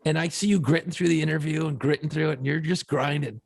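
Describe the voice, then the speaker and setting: Middle-aged guy cohosting a podcast, swears a lot, kinda high and raspy. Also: fast. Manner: profane, animated storytelling. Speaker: podcast co-host, former radio DJ. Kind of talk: casual chat.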